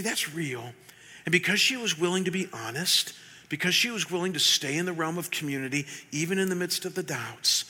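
A pastor preaches in an emotional storytelling manner, his voice very bright and a little high for a man. He stammers through restarts and swings between loud laughing bursts and hushed tones. The sound carries a long church-hall reverb. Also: slightly rough. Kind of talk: sermon.

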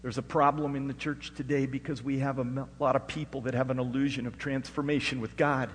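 A middle-aged man from Alaska preaching a sermon and telling his own story. He moves between hushed storytelling and loud, rising preaching. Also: mid-range voice, fairly even intonation, a little fast, few pauses, husky, in a large hall. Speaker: pastor. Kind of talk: sermon with personal testimony.

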